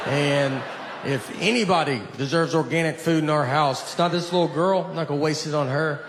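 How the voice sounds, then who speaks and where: A middle-aged man doing a deadpan, self-deprecating stand-up routine on a theater stage. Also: fairly high pitch, a little fast, noisy background. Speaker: stand-up comedian. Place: theater stage before a laughing audience. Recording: live show with audible crowd.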